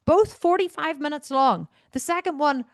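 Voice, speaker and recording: Woman ranting on her fitness podcast, bit high pitched, swears a lot, dry sound. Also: moderate pace, no echo. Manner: emphatic, blunt, swears freely. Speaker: fitness coach and podcast host. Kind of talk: solo Q&A podcast talk.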